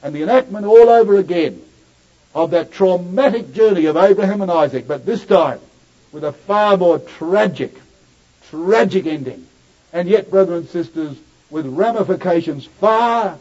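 A man's voice: high-pitched, expressive, normal speed, a little mellow. A man preaching a sermon, addressing the listeners as brothers and sisters and rising to emphatic peaks on scripture. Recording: dull lo-fi recording.

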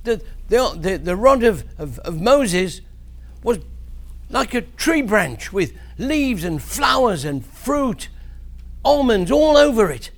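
Animated man telling kids a Bible story. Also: high-pitched, takes it slowly. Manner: animated storytelling, loud swings in voice. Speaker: preacher to children. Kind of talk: children's Bible talk.

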